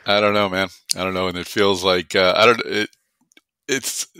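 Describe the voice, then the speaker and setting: A man's voice: deep voice, steady tone, normal speed, sharp tone, clean tone, no room sound. A man with a Boston accent hosting a podcast in an upbeat, casual way, with plenty of fillers. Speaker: podcast host.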